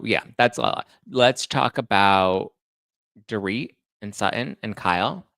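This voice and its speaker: A man hosting a casual chat show, reading viewer comments aloud and retelling stories with animated energy. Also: on the low side, clear, resonant tone, dry recording. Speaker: host.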